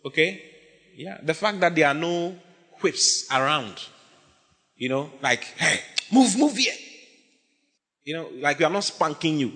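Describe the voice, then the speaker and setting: A man preaching a sermon as pastor, emphatic and animated, often shouting and laughing. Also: on the high side, moderate pace. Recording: long hall reverb.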